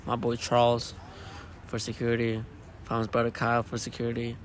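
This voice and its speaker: A man, a DJ and show organizer, hoarse after losing his voice, talking tiredly in a casual post-show interview. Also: medium pitch, completely flat delivery, brisk, a little hiss or hum. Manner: tired, laid-back, rambling with fillers. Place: at a live event venue after a show.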